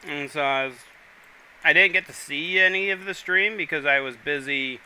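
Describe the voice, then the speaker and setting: Very bright-voiced male game streamer. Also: on the high side, normal speed, slight background noise, low-quality recording. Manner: chatty, rambling, talks to chat while playing. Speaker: livestream host. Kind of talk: casual gaming livestream chat.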